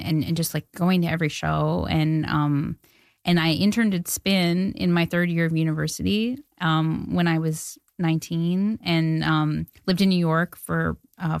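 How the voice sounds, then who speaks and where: Chatty, giggly woman with a low voice. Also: no echo, studio quality. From Canada. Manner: chatty, self-deprecating, giggly with many fillers. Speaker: filmmaker guest. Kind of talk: casual interview chat.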